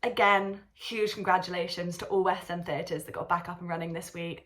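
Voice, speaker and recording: A woman's voice: fairly low pitch, fairly even intonation, brisk, hardly any pauses, fairly bright tone. A young woman, a drama student, chatting casually in a vlog and gushing emotionally, with lots of "like" and "um". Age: young adult.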